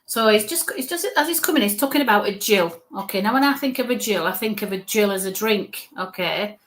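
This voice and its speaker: Northern English woman, live medium reader, talks to viewers in a warm-hearted, reassuring ramble. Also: mid-range voice, expressive, fairly quick. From northern England. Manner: chatty, reassuring, repeats okay and bless you. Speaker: medium giving live readings. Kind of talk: live spirit reading to online viewers.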